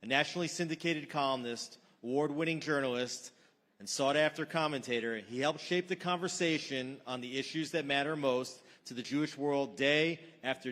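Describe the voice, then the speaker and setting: A man's voice: a little high, a bit bright. Man formally introducing a speaker. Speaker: event host. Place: large hall. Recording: long reverb of a large hall.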